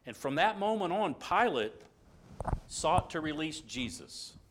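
A man teaching an informal Bible lesson, retelling the scene in a conversational way with restarts and asides, moving between loud passages and hushed ones. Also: a little high, big pitch swings, a little slow, noisy background.

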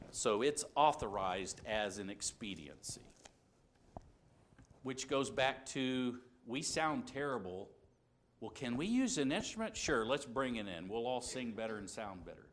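A man's voice: medium pitch, lively intonation, a little slow, slight background noise. A man teaching a Bible class, reasoning aloud earnestly and asking rhetorical questions. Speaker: preacher.

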